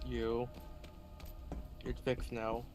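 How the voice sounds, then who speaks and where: A man's voice: mid-range voice, completely flat delivery, very slow, darkish tone, soft background music. A man teasing his friends in dry remarks during a casual gaming stream.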